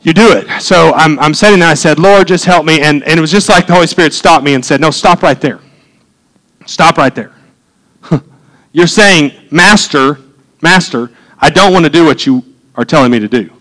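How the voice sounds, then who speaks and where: A man delivers a sermon to his congregation. He talks in an easy, conversational way, then climbs into fervent emphasis. His voice sits a little high for a man. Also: fairly quick, a bit bright, poor audio. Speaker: pastor.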